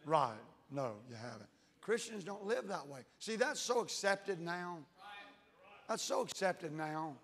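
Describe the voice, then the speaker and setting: A man preaching a sermon as pastor, folksy and emphatic, dropping to low intense tones. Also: lively intonation, a little slow, fairly bright tone. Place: church sanctuary. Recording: church hall reverb.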